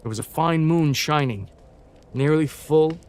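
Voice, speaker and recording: A British man reads a campfire story aloud on his live stream, his voice sitting a little high for a man. He keeps halting to repeat tricky words and swears at himself when he slips. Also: a little mellow. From Britain. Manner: self-correcting, swears, repeats words to practise them.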